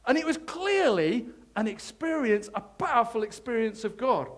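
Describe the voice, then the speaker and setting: A man preaching a sermon, telling his own faith story in an animated, self-deprecating way. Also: extremely high pitch, moderate pace. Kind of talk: sermon testimony.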